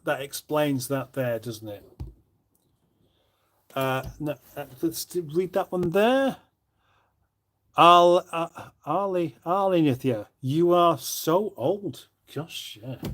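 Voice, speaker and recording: A man's voice: fairly high pitch, slow, pauses often, a bit bright. A middle-aged man hosts a casual live stream from his kitchen, reading out viewer comments with rambling, dry, self-mocking banter. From northern England. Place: home kitchen.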